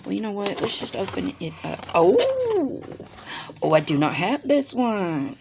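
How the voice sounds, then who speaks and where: A woman's voice: medium pitch, expressive, moderate pace, gravelly, noisy background. A woman, chatting to her viewers while unboxing crafts at her desk at home, gushing and exclaiming as she goes. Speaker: craft channel host. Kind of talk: casual unboxing chat to viewers. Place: home room with a desk by a window.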